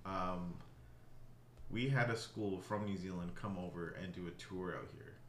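A man co-hosting a casual podcast talks in a blunt, relaxed way and swears easily. His voice sits a little low. There is a roomy echo with faint ambient noise behind him. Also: unhurried. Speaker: podcast co-host, former rugby coach.

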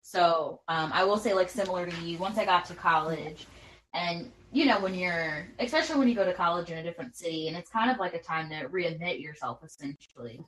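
A woman speaking as a guest in a casual conversation, reflective and pausing often with fillers. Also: fairly low pitch, fairly bright tone, poor audio.

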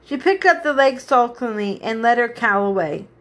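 A woman's voice: a little high, expressive, normal speed, fairly bright tone. A woman reading a children's story aloud, unpolished, going back to fix slips and restart lines. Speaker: reader.

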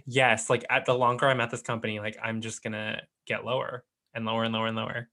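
A man's voice: mid-range voice, steady tone, fast talker, few pauses, pushed and bright. A young man co-hosting a podcast over a video call, chatty and giggly with lots of fillers. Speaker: podcast co-host. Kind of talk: casual chat.

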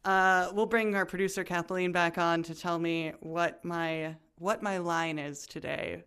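A woman's voice: fairly low pitch, steady tone, a little slow, fairly bright tone, smooth. A woman co-hosting a podcast, chatting casually, self-mocking and explaining at length. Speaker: podcast co-host. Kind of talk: casual chat.

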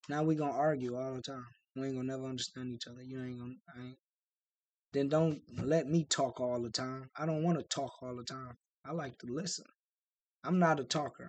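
A man's voice: mid-range voice, no echo. Blunt, profane podcast co-host man. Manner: blunt, profane, animated storytelling. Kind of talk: casual chat.

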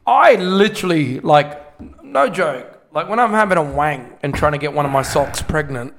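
A man's voice: on the high side, animated, normal speed, a bit bright. A young man trading crude jokes in casual podcast banter. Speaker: podcast co-host. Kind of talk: casual chat.

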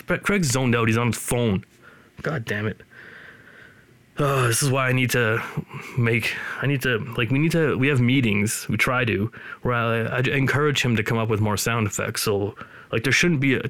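A man's voice: medium pitch, a bit bright, dry recording. Rambling, joking male podcast host. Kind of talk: casual chat. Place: his studio.

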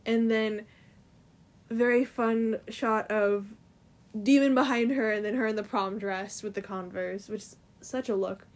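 A woman's voice: medium pitch, fairly even intonation, a little slow. A woman in casual chat, retelling a comic's story in a loose, filler-heavy way full of "like" and "um".

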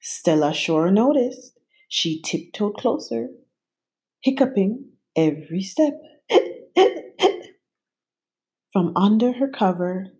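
A woman reading a children's picture book aloud in an expressive, unhurried way. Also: mid-range voice. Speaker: storyteller.

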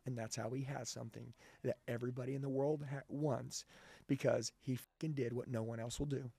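A man's voice: medium pitch, steady tone, fairly quick, vocal fry, mellow, slightly rough, no echo. A man giving intense, blunt and profane motivational talk as a guest in an interview. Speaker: sales trainer, guest.

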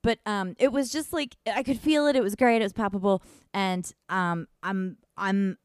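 A woman's voice: medium pitch, fairly even intonation, moderate pace, clean tone, no echo, studio quality. A woman in casual chat, talking about dating in a wry, chatty way with lots of filler words.

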